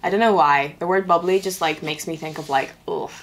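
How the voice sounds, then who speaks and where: A woman's voice: fairly low pitch, fairly even intonation, brisk, a bit bright. A woman hosting her channel, reading fan fiction aloud with comedic commentary and sarcastic, sardonic asides. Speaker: channel host.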